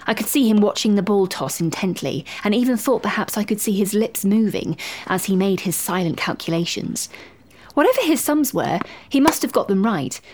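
Female narrator, wry and expressive, lively intonation. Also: medium pitch, normal speed, slight background noise. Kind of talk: storybook narration.

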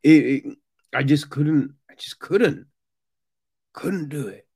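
A man's voice: fairly high pitch, slow pace, creaky, darkish tone, slightly rough. A man giving a casual, swear-filled review, ranting with exasperation. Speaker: book reviewer.

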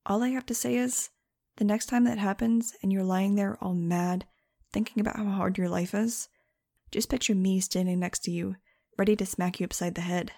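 Gravelly, wisecracking female audiobook narrator. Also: medium pitch, steady tone, normal speed, dark tone, no echo, clean studio sound. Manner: sarcastic, wisecracking and conversational. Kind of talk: first-person audiobook narration.

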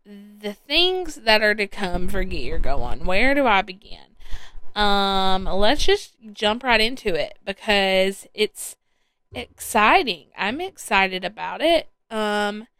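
A woman's voice: mid-range voice, very animated, takes it slowly, sharp tone, smooth, dry recording. A woman hosting her own podcast solo, chatting casually and rambling with plenty of ums and restarts. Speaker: podcast host. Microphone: headphones with a podcast mic.

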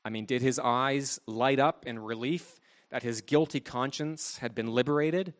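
A man preaching a sermon, asking rhetorical questions and shifting his emphasis as he explains the text. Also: mid-range voice.

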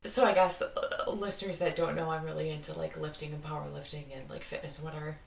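Midwestern woman, podcast host, gravelly fry, sharp tone, roomy sound a bit off-mic. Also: low-pitched, flat delivery, fast, far from the mic, slight background noise. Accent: Upper Midwest American. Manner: giggly, rambling, lots of "like". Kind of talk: casual chat.

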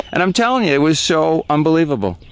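A man speaking as the guest artist in a reflective interview, earnest and growing animated when he makes a point. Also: fairly high pitch, a little hiss or hum, low-quality recording.

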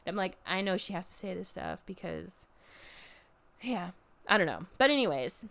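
A young woman in casual chat, recapping a wrestling event. She talks in a lively way and jumps into high mocking voices when she quotes people. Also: moderate pace, creaky.

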